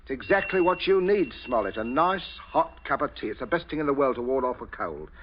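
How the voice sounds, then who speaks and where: In 1940s radio-drama style, an actor plays a genial father of the household, a calm murderer who chuckles cheerfully while threatening a guest at gunpoint with suave menace. His mid-range delivery is brisk and lightly acted, on a dull old radio recording with faint hiss.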